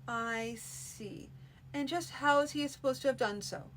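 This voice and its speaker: Brief: commanding male baron in a storybook reading, dry and measured; woman reader voices him. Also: sits high, fairly bright tone, slight background noise, poor audio.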